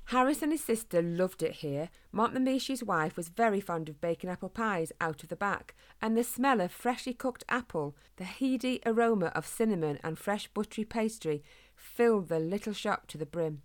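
A woman's voice: medium pitch, moderate pace. Woman reading a children's story. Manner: gentle, expressive reading.

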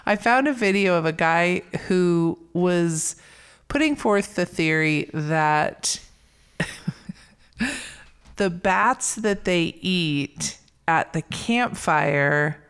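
Smooth-voiced animated podcast co-host. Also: mid-range voice, extremely slow. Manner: animated storyteller, acts out quoted lines. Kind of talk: casual film discussion.

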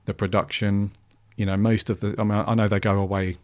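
A man's voice: on the low side, level tone, brisk, a little mellow. A man hosting a podcast, talking casually and rambling with many restarts and fillers. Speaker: podcast host.

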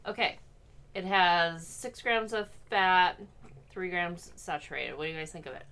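A woman's voice: on the low side, measured pace, a bit bright, clean tone. A woman co-hosting a casual chat show, reading nutrition facts aloud and chatting with her co-hosts. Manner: chatty, reads numbers off packages. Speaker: co-host.

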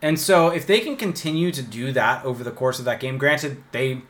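A man co-hosting a casual hockey talk show, analytical and quick to argue a point. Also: mid-range voice, fairly bright tone. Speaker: podcast co-host.

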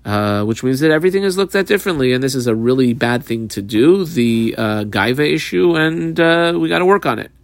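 Man teaching Talmud in halting English. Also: mid-range voice, lively intonation, no echo. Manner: reads Aramaic phrases then explains in English, halting with fillers. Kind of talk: Talmud class, reading and translating.

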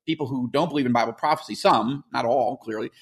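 A man's voice: mid-range voice, fast talker, gravelly, breathy edge. Earnest man explaining on a podcast. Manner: earnest, explanatory, with many fillers and restarts. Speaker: podcast host. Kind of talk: casual podcast discussion.

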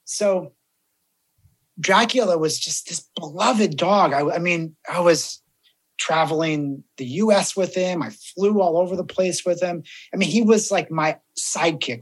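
A man's voice: high voice, unhurried, slightly rough. A man who works as a death doula, chatting as a podcast guest and acting out the voices in his stories. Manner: animated storyteller, acts out quoted voices. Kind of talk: casual podcast chat.

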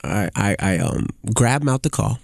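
A man in casual podcast chat who tells stories emphatically and acts out what people said. His voice sits at a middle pitch for a man. The recording is close and dry. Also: lively intonation, normal speed, creaky, dry recording. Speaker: podcast co-host. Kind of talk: casual chat about parenting.

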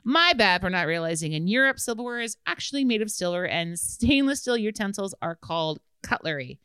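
A woman's voice: mid-range voice, sing-song, a little fast, sharp tone, clear, resonant tone, dry recording. A woman co-hosting a podcast, chatting casually, reading out listener letters, laughing often and swearing freely. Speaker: podcast co-host.

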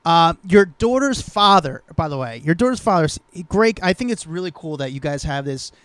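A man's voice: on the high side, lively intonation, moderate pace, fairly bright tone, no room sound. A man hosting an interview, affirming the guest and asking follow-up questions. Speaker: host. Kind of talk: casual interview.

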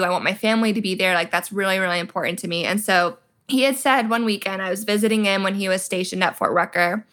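Young woman guest, chatty and animated, middle-pitched, acts out dialogue as she tells it. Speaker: podcast guest, military spouse. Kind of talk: casual storytelling interview.

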